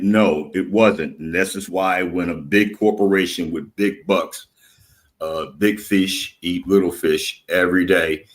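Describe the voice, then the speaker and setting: A man in a casual live-stream debate, talking slowly and rambling, with slightly slurred speech after drinking. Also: low voice.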